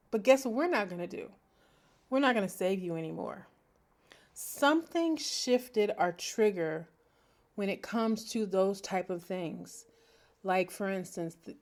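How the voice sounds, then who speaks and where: A middle-aged woman hosts her own podcast, talking in an animated, heartfelt way. Her voice sits in a mid range. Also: mid-range voice. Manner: expressive, animated, breaks into laughter and sings snatches. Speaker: podcast host. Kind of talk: reflective solo podcast talk.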